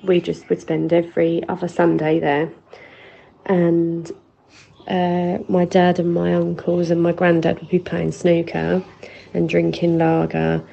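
Woman rambling in a voice note, low gravelly voice, pretty flat. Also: unhurried, dull audio. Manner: chatty, nostalgic, swears freely. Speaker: caller leaving a voice message. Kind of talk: casual voice note.

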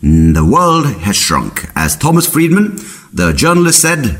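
A man's voice: medium pitch, wildly swooping pitch, a little slow, a bit bright. A man hosting a podcast, rambling through a comedic monologue full of puns and tangents. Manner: rambling, punning, jumps into silly voices. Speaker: podcast host.

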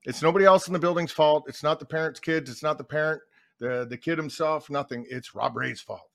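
A man's voice: on the high side, a little fast, gravelly, dry recording. A middle-aged man chatting as a guest in a podcast studio, telling blunt stories and acting out the lines of the people in them. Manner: blunt storyteller acting out quotes. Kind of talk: casual chat. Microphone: studio mic.

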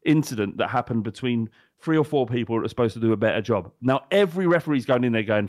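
A man's voice: medium pitch, lively intonation, fast, hardly any pauses, a little mellow, no room sound, clean studio sound. Blunt, sweary ranting podcast man. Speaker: podcast co-host. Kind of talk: casual chat.

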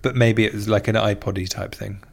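A man's voice: lowish voice, steady tone, brisk, creaky. A man hosting a podcast, reading listener messages aloud in chatty, playful casual talk. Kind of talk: casual chat.

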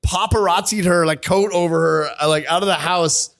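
A man's voice: high voice, fairly even intonation, normal speed, gravelly, fairly bright tone. A man in his late thirties telling a long anecdote in casual chat, rambling and self-interrupting, often laughing through his punchlines. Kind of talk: casual storytelling.

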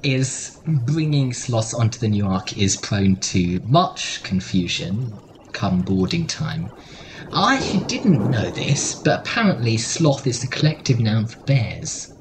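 A man's voice: on the low side, sing-song, slow, noisy background. A man co-hosting a podcast, joking through a mock-serious closing argument in casual chat. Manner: playful, mock-serious debating. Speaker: podcast co-host.

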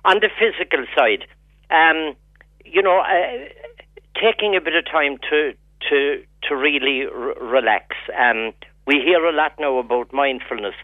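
A man, a psychotherapist, speaking as a radio guest in a relaxed, wry manner. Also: on the high side, a little slow, dry recording. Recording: tinny phone line.

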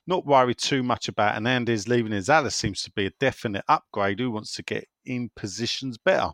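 A man's voice: mid-range voice, fairly quick, fairly bright tone, no room sound, studio quality, natural voice. A man putting on a Cockney Essex accent as a lad reading a fan email aloud. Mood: chirpy. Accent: Cockney Essex, put on. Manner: reads a listener's email aloud in a put-on voice.

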